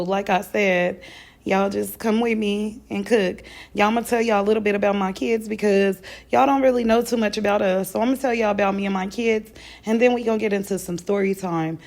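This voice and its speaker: A woman talks to her viewers while she cooks. Her voice is gravelly and hoarse from a cold. She rambles in a loose, chatty way. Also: medium pitch, darkish tone. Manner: chatty and rambling, says "y'all" often. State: sick, hoarse voice. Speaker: vlogger. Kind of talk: casual cooking vlog chat.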